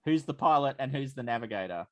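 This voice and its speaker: A man's voice: mid-range voice, expressive, quick pace, no room sound. A man running a tabletop role-playing game as game master, narrating the scene with many fillers and restarts.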